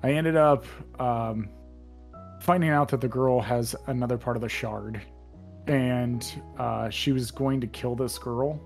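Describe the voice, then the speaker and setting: A man's voice: mid-range voice, steady tone, unhurried, creaky, darkish tone, faint music behind. Rambling young man recapping a game. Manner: rambling, many fillers and restarts. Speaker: podcast co-host. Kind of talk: casual chat.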